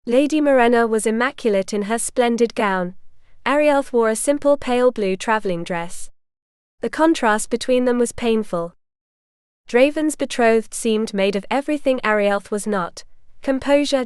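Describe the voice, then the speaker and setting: A woman narrating a historical romance audiobook in a measured, even storytelling manner. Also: fairly high pitch, smooth, no echo, studio quality.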